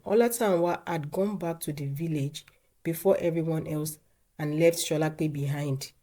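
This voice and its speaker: Woman storyteller, low and mellow, measured narration. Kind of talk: scripted narration.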